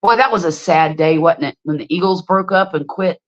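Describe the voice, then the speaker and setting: A middle-aged woman, hosting a casual livestream and chatting with viewers as an animated storyteller. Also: fairly low pitch, brisk. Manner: animated storyteller, exclaims freely. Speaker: livestream host. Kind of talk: casual livestream chat, reading viewer comments. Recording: slightly dull lo-fi stream audio.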